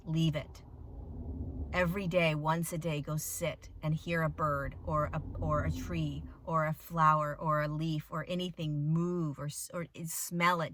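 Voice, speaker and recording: A woman spiritual teacher telling a story in a casual talk to followers, animated and dramatic, with the odd swear word. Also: sits low, no echo. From United States.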